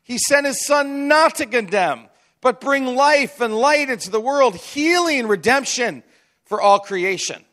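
A man's voice: very high voice, lively intonation, a little slow, a bit bright. A man preaching a sermon as pastor, in a chatty, conversational way with frequent asides and restarts.

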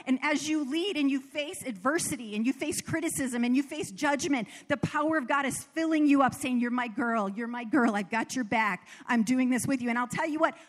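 A woman's voice: high-pitched, in a large hall. A woman from the American South preaching a sermon, telling personal stories in an earnest way and laughing at herself.

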